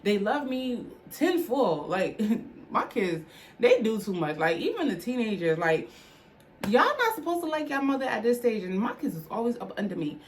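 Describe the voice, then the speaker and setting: Woman, 30s, candid faith vlog, higher voice, faint ambience. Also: big pitch swings, moderate pace, a little hiss or hum. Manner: candid, conversational, heartfelt, with frequent "like" fillers. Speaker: vlogger. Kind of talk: personal testimony vlog.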